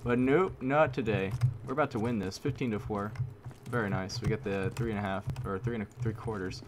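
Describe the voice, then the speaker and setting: A man giving live commentary over his own gameplay, excitable, repeating himself and using mild minced oaths. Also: fairly low pitch, fairly quick, noisy background. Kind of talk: live video game commentary. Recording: loud game gunfire under voice. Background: gunfire and shooting game sounds.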